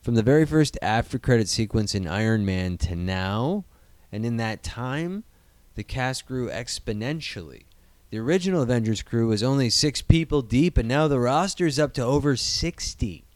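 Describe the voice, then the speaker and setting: A man's voice: medium pitch, expressive, normal speed, dry recording. A man co-hosting a casual podcast, talking in a jokey, profane, rambling way. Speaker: podcast co-host.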